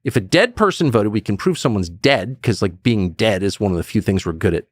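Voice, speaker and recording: A man's voice: on the low side, a little fast, no echo, clean studio sound. A man in his fifties, a guest telling stories in a conversational interview and acting out quotes. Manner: animated storyteller who acts out quotes.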